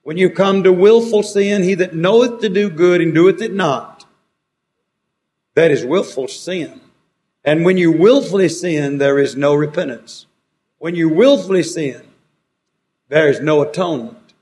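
A man preaches a sermon, his voice sitting a little higher than most men's. He quotes old scripture and swings his emphasis up and down, pressing hard on key words and then dropping low and quiet. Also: measured pace. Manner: preaching with rising and falling emphasis, quoting scripture.

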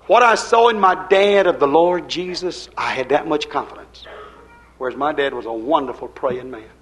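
An older man preaching a sermon. He swings between loud, pushed lines and hushed, quiet ones. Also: a little high, moderate pace, poor audio. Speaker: pastor.

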